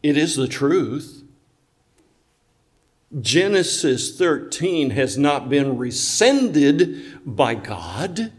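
A man preaching a sermon to a church congregation, emphatic, asking rhetorical questions and talking back and forth with listeners. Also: mid-range voice.

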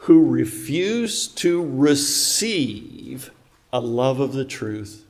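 A man's voice: medium pitch, very animated, very slow, a little mellow. Guy preaching in church, punchy, fires off questions, chats with the folks in the pews. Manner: emphatic, rhetorical questions, talks with congregation. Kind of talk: sermon.

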